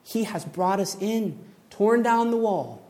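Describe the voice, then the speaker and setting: Animated preacher, a man with a higher voice. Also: takes it slowly. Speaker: pastor. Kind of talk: sermon.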